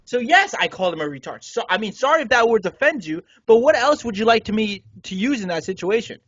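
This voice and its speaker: Male podcast co-host, high and husky, casual storyteller with an indignant edge, dry dull-mic sound. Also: fast, no echo. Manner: animated, indignant retelling with swearing.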